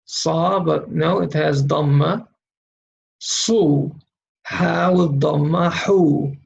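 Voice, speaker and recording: A man's voice: a little high, steady tone, takes it slowly, gravelly, muffled recording. A man teaching how to read Arabic letters, patiently sounding out single syllables for the learner to repeat. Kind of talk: slow recorded lesson drilling syllables.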